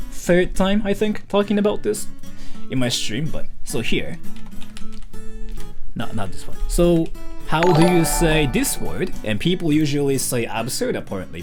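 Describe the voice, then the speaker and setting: Young streamer from Japan with a mixed English accent; native Japanese speaker, animated and rambling, middle pitch, faint guitar underneath. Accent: unusual mixed English accent, hard to place. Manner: rambling and animated, says freaking often. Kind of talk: casual stream chat.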